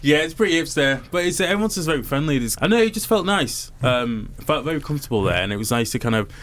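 A man casually telling his co-hosts about a trip, lively and animated as he recounts the people he met. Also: on the high side, quick pace. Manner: animated storyteller, acts out the people he quotes. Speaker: podcast co-host. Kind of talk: casual chat.

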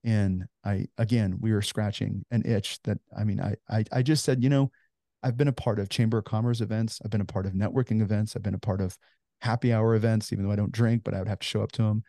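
Earnest founder in his forties: low, dry, close voice, chatty interview storytelling. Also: steady tone, fast talker, dark tone, no room sound. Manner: earnest storyteller, heavy on "you know" fillers. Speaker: ministry founder, guest.

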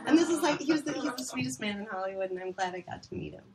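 A middle-aged woman from Minnesota, a casting director, telling animated, self-deprecating stories in a rambling chat. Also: fairly high pitch, racing. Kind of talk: casual storytelling chat.

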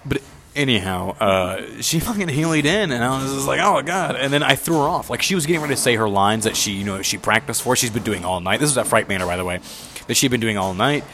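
A man's voice: medium pitch, expressive, fast, a bit bright. A young man casually telling a rambling story, swearing freely and acting out the voices of the people he quotes.

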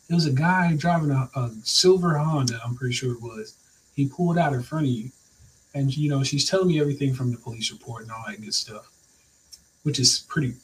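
A man's voice: medium pitch, a little hiss or hum. A young man telling his own story in casual talk, acting out his thoughts and laughing often. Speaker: storyteller recounting his accident. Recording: voice a bit distant from the mic.

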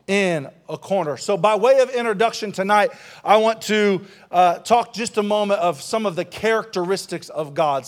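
A male pastor preaching a sermon to a congregation, with call-and-response and fervent prayer. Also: high voice. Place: church service with congregation.

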